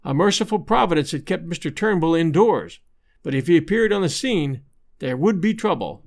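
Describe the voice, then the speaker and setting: Male narrator reading an old adventure book, pretty high voice, steady measured pace. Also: creaky. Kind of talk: scripted audiobook narration.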